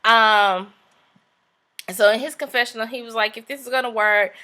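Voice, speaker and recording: A woman's voice: fairly high pitch, steady tone, normal speed, bright, forceful tone. A young woman casually recapping a reality show, chatty, with sassy asides and acted-out quotes.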